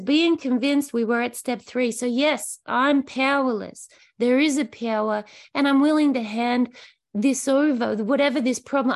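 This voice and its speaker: A woman speaks earnestly in a recovery share, her voice pitched high with a noticeable gravelly fry. She talks in a heartfelt, searching way, stopping and restarting her phrases as she works through her thoughts for an online group.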